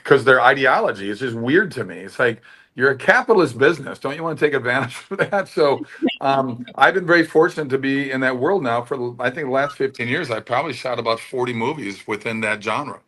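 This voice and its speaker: In a candid interview, a middle-aged American man, an actor and producer, spins animated stories and voices the characters' quoted lines himself. He speaks at a medium pitch and a little fast.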